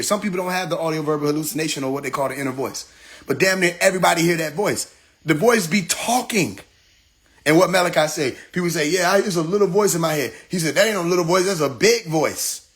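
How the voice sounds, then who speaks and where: Animated man riffing on a livestream. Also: a little high. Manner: animated storytelling with playful mimicry and laughter. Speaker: livestream host. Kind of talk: casual livestream monologue.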